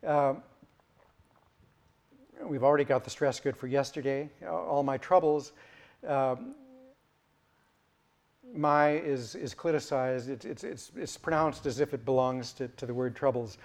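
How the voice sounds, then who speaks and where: A male lecturer talking through an academic point at a middle pitch. He stops and restarts often and fills the gaps with ums and uhs. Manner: halting, many fillers and restarts.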